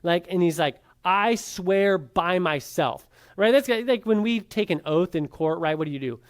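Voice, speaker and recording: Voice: medium pitch, expressive, fairly quick, darkish tone. A Bible class teacher giving an informal lecture, talking casually with many fillers and tag questions, and putting rhetorical questions to the class before answering them.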